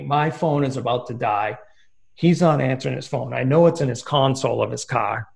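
A man's voice: medium pitch, normal speed, vocal fry, a little mellow. A man on a podcast telling a long, rambling, profane story in casual talk. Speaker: podcast guest.

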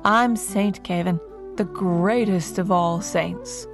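A woman's voice: lowish voice, takes it slowly, over music. A woman doing a sly, self-assured young saint. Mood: confident, sly. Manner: bold, teasing, self-assured. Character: cheeky young man who is secretly a saint.

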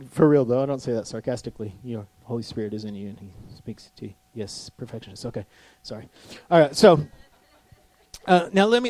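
A man's voice: mid-range voice, a little mellow, dry recording. A middle-aged man preaching a conversational sermon, self-deprecating and often asking the crowd if they are with him. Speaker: pastor.

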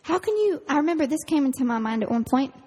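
A woman camp counselor, giving a casual, earnest youth sermon full of fillers and quick laughs. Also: sits high, animated, a little mellow. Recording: reverberant hall.

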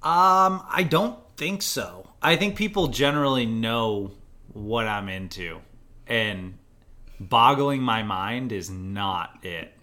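Guy cohosting a beer podcast, bright punchy voice, dry jokey overstatements. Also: fairly low pitch, takes it slowly. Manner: dry, joking exaggerations. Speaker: podcast co-host. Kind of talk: casual beer-tasting chat. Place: home studio in Chicago.

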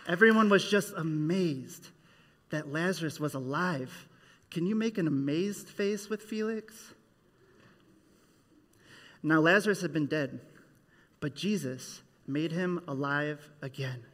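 In an echoey hall, a children's minister leads a church service for kids, telling a Bible story and getting them to act it out with him in call-and-response. His voice is slightly high, and he speaks slowly with frequent pauses, animated throughout.

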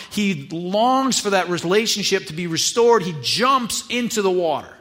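Man, pastor, sermon, casual conversational delivery, slightly higher voice. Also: lively intonation, normal speed, hardly any pauses, fairly bright tone. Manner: casual, conversational retelling with acted asides.

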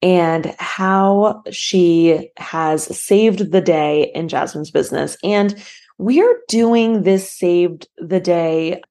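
A woman's voice: lowish voice, extremely slow, mellow. Emotional, rambling woman podcast host. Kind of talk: casual podcast intro.

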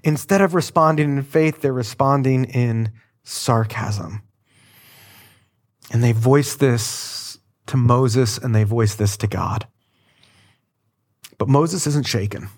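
A man preaching a sermon in a conversational, animated way, with casual asides to the congregation. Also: medium pitch, takes it slowly, pauses often. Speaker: pastor.

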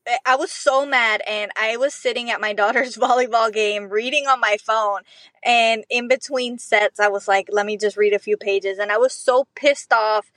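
A woman's voice: a little high, steady tone, normal speed, fairly bright tone, no echo. A middle-aged woman co-hosting a book podcast, chatting casually and emotionally, swearing freely as she gushes. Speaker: podcast co-host.

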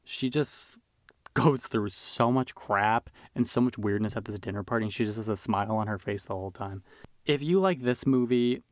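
A man's voice: medium pitch, no echo, clean studio sound. A man hosting a film podcast, talking casually and enthusiastically with lots of fillers. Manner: chatty, enthusiastic, filler-heavy. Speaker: podcast host reviewing films. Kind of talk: casual chat.

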